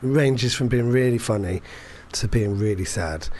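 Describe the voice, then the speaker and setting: A man's voice: medium pitch, moderate pace, darkish tone, a little hiss or hum. A man chatting casually as a podcast co-host, telling rambling anecdotes full of fillers and restarts. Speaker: performance poet. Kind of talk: casual chat.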